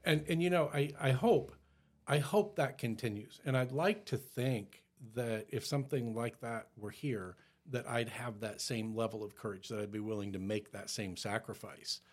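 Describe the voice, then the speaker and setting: Husky guy on a podcast, worked-up ranting, swears a lot, stumbles and restarts. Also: lowish voice, moderate pace. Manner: animated, exasperated ranting with repeated restarts; swears casually. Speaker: podcast co-host. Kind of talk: casual chat.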